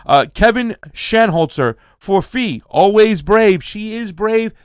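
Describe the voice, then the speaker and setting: A man's voice: high voice, animated, slow, clean tone, no echo, clean studio sound. A man hosting a casual livestream, upbeat, thanking donors and urging viewers to share. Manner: hyped, reads donor names, calls viewers fam. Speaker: livestream host.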